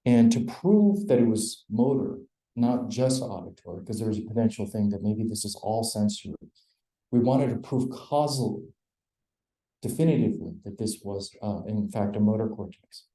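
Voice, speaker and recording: A man lectures in a measured, explanatory manner, often pausing on fillers as he builds each point. His voice sits low and sounds deeply mellow. The sound carries the roomy echo of a lecture hall. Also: animated. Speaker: neurosurgeon lecturer. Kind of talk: academic lecture.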